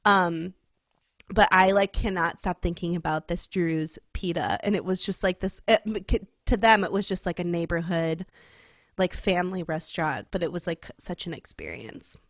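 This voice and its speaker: A woman's voice: lowish voice, normal speed, no echo. Young female podcast co-host, casual and chatty, filler-heavy, dry close recording. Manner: chatty, many "like" fillers, laughs often. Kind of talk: casual chat.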